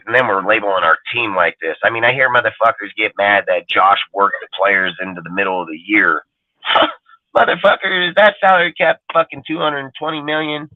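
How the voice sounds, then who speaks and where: A man's voice: mid-range voice, no room sound. A man ranting bluntly and profanely in a casual podcast chat. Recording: dry phone-line sound.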